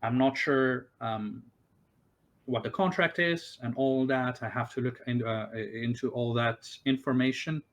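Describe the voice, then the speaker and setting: A man acting as game master, answering players' questions in a halting way with many fillers and restarts. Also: medium pitch, lo-fi sound. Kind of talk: narrating a tabletop game.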